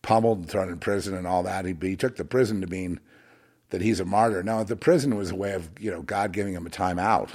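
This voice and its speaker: A man's voice: deep voice, fairly even intonation, fast, a little mellow, husky. A man delivering a scornful, emphatic, rambling monologue rant, often restarting his words. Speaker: commentator.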